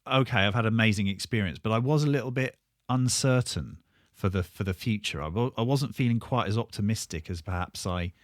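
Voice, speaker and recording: A man's voice: on the low side, a little fast, no room sound, studio quality. A man, a band member reflecting thoughtfully with frequent ums on a podcast.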